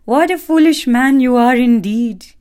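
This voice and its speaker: A woman's voice: medium pitch, slow pace. A woman playing a teasing little sparrow. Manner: teasing, lively, giggling. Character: clever mocking little male sparrow.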